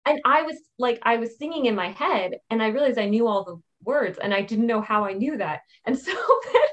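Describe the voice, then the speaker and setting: A woman's voice: a little high, brisk, lo-fi sound. A young woman co-hosting a casual podcast, telling stories with giggles between her words. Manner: animated storyteller, giggly. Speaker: podcast co-host. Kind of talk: casual chat.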